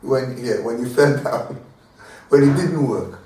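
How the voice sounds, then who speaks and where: A man's voice: medium pitch, a little slow. Rabbi guy giving a casual torah class, repeats himself a lot, far off mic in a big echoey room. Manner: animated, repeats words, acts out little dialogues with laughs. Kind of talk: informal Torah lesson.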